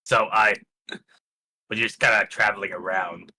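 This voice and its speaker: A man's voice: fairly low pitch, fairly even intonation, normal speed, pushed and bright, husky, rough recording. A man playing a tabletop game, rambling and hesitant as he tells a story in character. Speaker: player.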